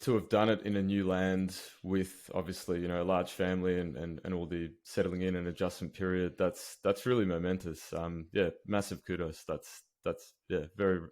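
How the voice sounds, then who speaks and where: Male podcast host, deep voice, flat delivery, relaxed, encouraging. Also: normal speed, hardly any pauses. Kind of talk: casual conversational interview.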